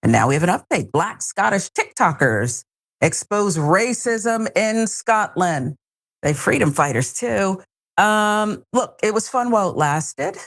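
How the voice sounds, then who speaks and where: A woman's voice: mid-range voice, lively intonation, unhurried. A woman hosting a news talk show, giving wry, sarcastic commentary.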